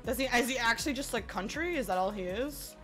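A woman's voice: on the high side, lively intonation, quick pace, a bit bright, soft background music. A woman streamer giving casual gameplay commentary, chatty and rambling, often breaking off mid-sentence. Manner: chatty, rambling, self-interrupting.

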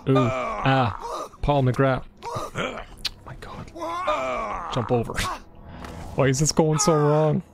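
An Irish man streaming a video game live, cracking jokes, swearing and bantering excitedly with his chat. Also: mid-range voice, takes it slowly, long pauses. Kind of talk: live gameplay commentary.

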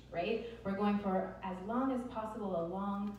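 A woman leads a group exercise in a calm, encouraging voice with a warm, mellow tone. She is heard from well off the microphone in a very reverberant hall. A faint hiss of noise sits underneath. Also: mid-range voice, a little slow, hardly any pauses. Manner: gentle, encouraging, coaching a group step by step. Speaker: Alexander Technique teacher. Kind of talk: guided group exercise instruction. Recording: roomy distant mic with faint noise.

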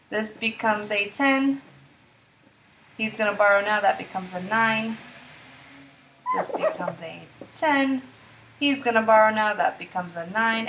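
Young lady math teacher, kinda high voice, peppy and encouraging, talking kids thru each step. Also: a little hiss or hum. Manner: upbeat, encouraging, walks through steps aloud. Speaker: third-grade math teacher. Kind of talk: screen-recorded math tutorial.

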